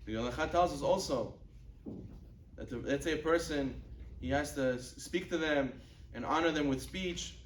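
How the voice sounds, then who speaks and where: A rabbi gives a Torah class in an echoey room, speaking at a normal pace far from the mic with a slight hiss or hum. His lecture is sermon-like and full of stories, and he acts out quoted dialogue, raising his pitch for the characters. He sprinkles in Hebrew and Yiddish religious terms.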